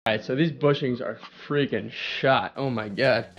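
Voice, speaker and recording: A young man on his own car repair channel. He talks through the job as he works, casual and thinking out loud, with an average-pitched voice. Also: normal speed, dull audio. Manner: talks while working, thinks aloud. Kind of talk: casual hands-on explanation.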